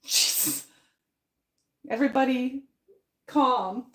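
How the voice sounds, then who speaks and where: A woman hosts a live paint-along in a high, rather bright voice, speaking very slowly in a roomy-sounding space. While she paints, she chats with viewers, thinks out loud, and laughs a lot.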